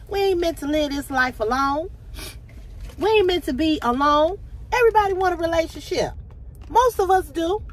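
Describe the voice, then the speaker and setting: A middle-aged woman vlogs to her phone camera, blunt and profane, with a tickle in her throat. Her preachy delivery moves from low talk to impassioned near-shouting.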